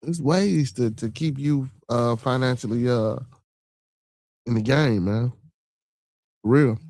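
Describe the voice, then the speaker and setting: A man's voice: mid-range voice, slow pace, darkish tone, dry recording, studio quality. A man with a Chicago accent hosting a podcast, giving blunt, profane money advice in casual chat and often restarting his words. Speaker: podcast host.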